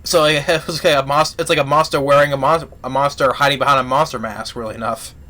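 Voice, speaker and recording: A man giving a casual spoken movie review, retelling the plot in a rambling, halting way full of restarts. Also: medium pitch, steady tone, pushed and bright.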